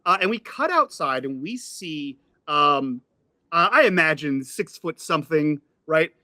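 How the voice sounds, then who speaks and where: A man runs a tabletop game, laying out each scene in a bright, forceful voice pitched a little high. His narration comes through close and dry, with a steady stream of fillers. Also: unhurried, no echo. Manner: descriptive, hedging with fillers. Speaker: game master.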